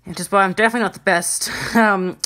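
A woman's voice: medium pitch, fairly even intonation, quick pace, bright, forceful tone. A woman hosting a drawing channel, giving a casual, chatty and self-deprecating drawing tutorial.

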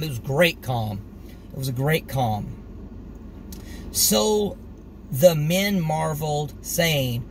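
A middle-aged man gives an informal, earnest sermon, speaking conversationally and acting out the scripture story with energy. His voice sits a little high. Faint vehicle noise hums in the background. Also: low-quality recording. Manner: earnest, conversational, animated when retelling the story. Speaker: street preacher.

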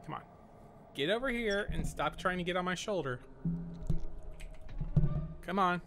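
Bright-voiced joking game host. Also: male voice, high-pitched, lively intonation, measured pace, soft background music. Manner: joking, self-mocking, talks to game characters. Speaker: game host playing a horror game. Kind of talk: let's play commentary.

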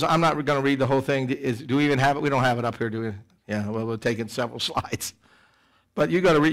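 A middle-aged man preaching a sermon in church, animated, swinging between loud emphasis and quiet asides. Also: mid-range voice. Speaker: pastor. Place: church sanctuary.

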